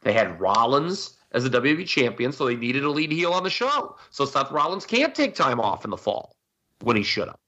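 A man's voice: medium pitch, very animated, moderate pace, sharp tone, muffled recording. A man co-hosting a casual podcast, giving emphatic, rambling opinions. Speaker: podcast co-host. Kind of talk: casual wrestling podcast chat.

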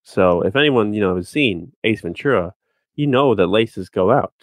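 A man co-hosting a podcast, chatting casually and then arguing sports points in a relaxed way. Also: fairly low pitch, moderate pace, no echo. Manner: relaxed, breaks into argued points. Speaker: podcast co-host. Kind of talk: casual chat and sports analysis.

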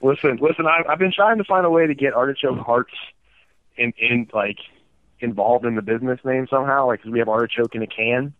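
A man guesting on a podcast in casual chat, self-mocking and a little halting. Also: medium pitch, dry recording. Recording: tinny phone-like call line.

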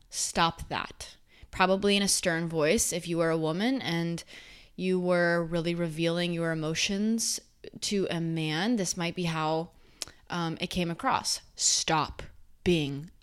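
Earnest woman with a lowish voice. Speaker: self-help speaker. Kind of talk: casual talk to camera.

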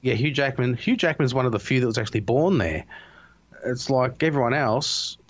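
A man's voice: mid-range voice, normal speed, no room sound, highs cut off. A man in casual chat, laid-back and swearing constantly, with frequent restarts.

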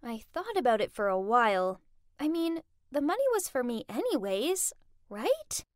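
A woman's voice: high voice, very animated, moderate pace, no room sound, clean studio sound. A woman narrating a first-person story in a dramatic, gushing way.

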